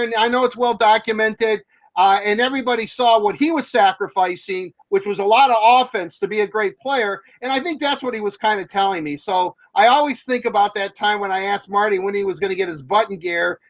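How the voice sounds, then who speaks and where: High-pitched guy telling rambly hockey stories, lots of uhs, dull dry audio. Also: dry recording. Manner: rambling, laughing, many fillers and restarts. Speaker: hockey reporter and panelist. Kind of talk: casual storytelling chat.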